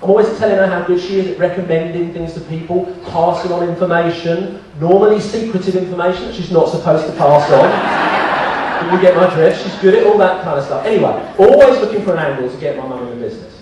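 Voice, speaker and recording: A man in his thirties, guest speaker at a comic business seminar, jokes at his own expense and tells funny stories to an audience in a large hall. His high voice moves at a quick pace and has a dark tone. The mic is far off, so the sound is echoey and noisy.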